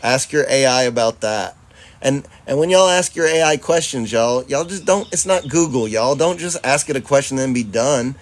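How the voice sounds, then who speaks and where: A relaxed man hosts a live chat stream in a mid-range voice. He talks loosely and profanely, calling his viewers y'all and breaking into easy laughter. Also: medium pitch, normal speed. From Charlotte, North Carolina, US. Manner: laid-back, profane, laughs often, addresses audience as y'all. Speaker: livestream host. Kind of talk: casual livestream chat reading viewer comments.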